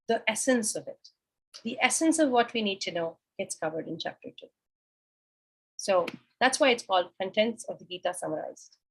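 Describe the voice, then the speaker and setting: A woman's voice: mid-range voice, a bit bright, husky, poor audio. A woman teaching a scripture class, explaining a sacred text verse by verse and asking and answering her own questions.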